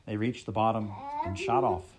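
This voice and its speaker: Deep-voiced man reading a storybook. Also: moderate pace, over a noisy crowd. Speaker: audiobook reader. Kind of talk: storybook narration.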